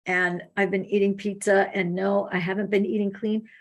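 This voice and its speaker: Hosting a laid-back phone consultation, this woman speaks at medium pitch and a moderate pace. Her stories come alive as she performs the quotes, playing each line with animation.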